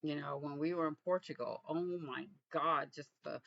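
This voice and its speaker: A man from Texas, vlogging in a reflective, halting way with frequent restarts. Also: on the high side, vocal fry, dry recording, highs cut off. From Texas, USA. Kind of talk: casual personal vlog.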